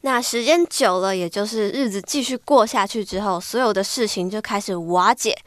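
A woman's voice: mid-range voice, brisk, no echo, studio quality. A friendly woman co-hosting an English lesson. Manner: friendly, explains in Mandarin then English. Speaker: co-host and Mandarin explainer. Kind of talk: bilingual vocabulary explanation.

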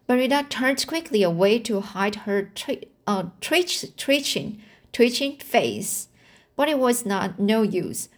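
A woman reads a classic novel aloud and pauses to comment on it, her voice at an ordinary middle pitch. She goes very slowly, stumbling over words and restarting phrases, with many filler sounds between them. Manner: slow, halting, frequent restarts and fillers. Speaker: reader.

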